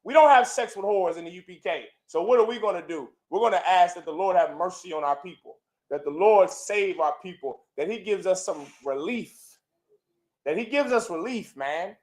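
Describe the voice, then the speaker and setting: A man preaching a fiery sermon to a gathering, forceful and repetitive, swinging between loud outbursts and low, intense passages. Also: moderate pace, poor audio. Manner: repetitive, chanting lists. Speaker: preacher leading a congregation. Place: indoor gathering.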